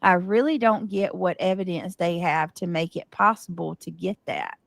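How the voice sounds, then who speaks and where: Give me a woman on a livestream with a gravelly tone, recorded dry and close. She talks in casual, halting sentences and often corrects herself mid-thought. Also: lowish voice, very animated, no echo. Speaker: livestreamer being reacted to.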